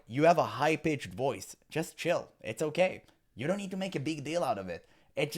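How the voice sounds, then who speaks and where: A man hosting a reaction commentary, talking casually and emphatically with exasperated, slangy asides to his viewers. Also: medium pitch. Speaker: commentary host reacting to a video.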